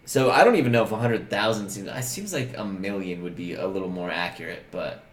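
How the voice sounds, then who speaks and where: A man's voice: deep voice, a little fast, echoey room. A man co-hosting a podcast, chatting casually and recapping scenes, swearing freely. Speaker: podcast co-host. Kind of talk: casual chat.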